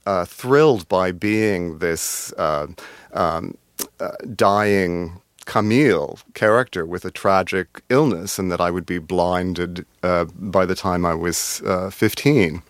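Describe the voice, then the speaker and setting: A very low-voiced man with a put-on, refined British-tinged American accent reads from his memoir and then answers questions. His delivery is deliberate and noticeably artificial, broken by pauses and fillers when he speaks off the cuff. The sound is close and dry. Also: no room sound. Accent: affected refined British-tinged American. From United States. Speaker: memoir author, guest.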